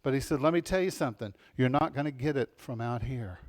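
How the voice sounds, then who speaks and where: A male pastor preaching a sermon in an animated way, dropping to soft, intimate passages and rising to loud, emphatic ones, often asking the congregation questions and laughing. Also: mid-range voice, quick pace.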